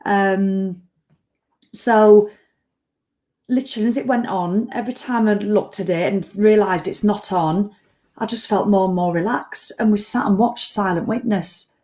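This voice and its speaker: A woman's voice: medium pitch, unhurried, dark tone. A woman who runs an online business, talking casually and emotionally to camera and acting out her own anxious thoughts. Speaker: online business owner and vlogger. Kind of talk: casual reflective talk to camera.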